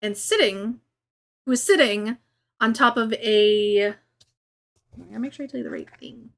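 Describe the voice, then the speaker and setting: A woman running a tabletop game as game master, chatty and relaxed, with lots of fillers. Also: fairly high pitch, moderate pace.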